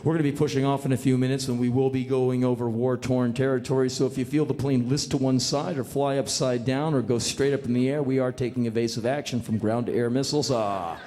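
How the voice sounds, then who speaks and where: A man's voice: medium pitch, quick pace, hardly any pauses, voice pushed down, close to an everyday voice. A man voicing a laid-back male military cargo pilot who drawls his announcement with lots of "uh"s. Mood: calm drawl. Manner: hesitant drawl full of "uh"s, calm announcer tone. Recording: long hall reverb, live stage.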